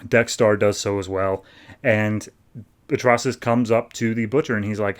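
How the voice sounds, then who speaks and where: A man's voice: fairly low pitch, fairly even intonation, normal speed, smooth. Casual male podcast host recapping comics. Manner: loose, filler-heavy talk with frequent "like".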